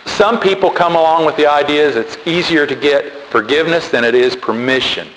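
A man preaching a sermon, animated and emphatic, repeating key words. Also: a little high, a little fast. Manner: animated, repetitive emphatic delivery. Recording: echoey hall with faint noise.

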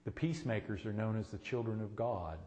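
A man's voice: lowish voice, fairly quick, warm tone, echoey room, big-room sound. A man preaching a sermon, exhorting with repeated short commands in a church.

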